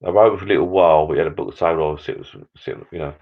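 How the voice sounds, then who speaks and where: Speaking very fast in a deep voice over narrow, tinny audio, an older man livestreams from his backyard garden bar shed. The casual chat wanders and turns sentimental.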